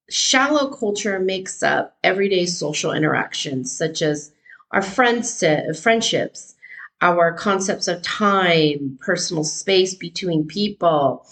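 A woman's voice: medium pitch, a bit bright, poor audio. A woman from California, a teacher hosting a solo podcast, talking casually and thinking aloud with frequent ums and rhetorical questions.

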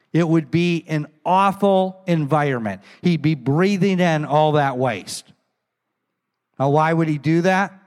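A man pastor preaching a sermon in a storytelling manner, acting out the voices of the people in the story. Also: fairly high pitch. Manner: storytelling, acts out quoted voices. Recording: echoey hall.

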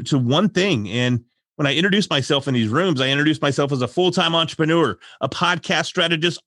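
A man telling a story in a casual podcast chat, animated and emotional, laughing often. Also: mid-range voice, dry recording, clean studio sound. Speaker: podcast guest.

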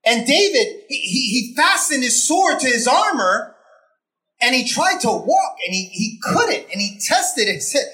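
Animated preacher telling a story. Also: high-pitched, unhurried. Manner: animated storytelling with rhetorical questions; emphatic, repeats phrases for effect. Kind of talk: conversational sermon.

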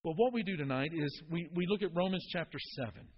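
A man's voice: high-pitched, expressive, quick pace, big-room sound, muffled recording. A man preaching a sermon, earnest, often repeating words as he builds to a point.

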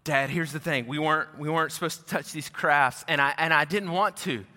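A man's voice: on the high side, brisk, bright, forceful tone. A man voicing his tearful little preschool daughter as he retells her excuse in a sermon, in an echoey hall. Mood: pleading. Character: small tearful preschool girl.

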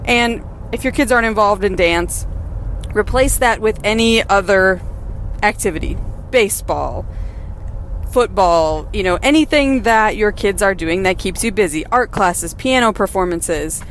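A woman's voice: medium pitch, measured pace, a little hiss or hum. Solo mom podcaster, candid and encouraging, recorded in her car, mid-range voice. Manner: candid, encouraging, laughs now and then. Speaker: podcast host and mother. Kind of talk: casual personal monologue. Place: in a car while driving.

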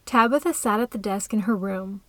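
Woman story reader, calm and even delivery, dry close recording. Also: mid-range voice, a little fast, no echo. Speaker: narrator. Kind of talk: scripted story narration.

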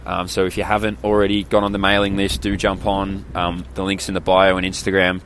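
A man's voice: low-pitched, monotone, a little fast, fairly bright tone, a little hiss or hum. A man with an Australian accent, chatting alone on a podcast in a candid, rambling way and swearing casually. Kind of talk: solo podcast chat.

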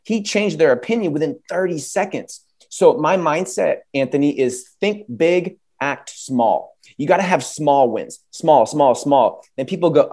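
A man answering interview questions as an educator guest, energetic and telling stories with vivid, punchy phrasing. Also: a little high, a little slow. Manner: energetic storyteller, acts out quoted voices.

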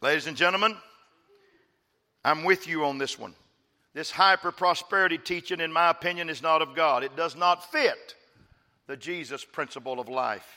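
A man from West Texas preaches from a church stage and calls on the congregation to repeat after him. His voice is high and sharp-edged. Long reverb from a large hall trails behind each phrase. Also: moderate pace. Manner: preaching with call-and-response, emphatic. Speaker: pastor. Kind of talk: sermon.

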